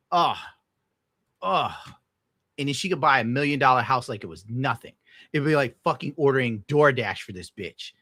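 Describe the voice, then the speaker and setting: Man, young adult, streamer, bitter crude rant, bright forceful voice, dry close sound. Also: mid-range voice, lively intonation, moderate pace, no echo. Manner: bitter, crude, heavy swearing. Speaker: streamer reacting to clips. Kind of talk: casual ranting commentary.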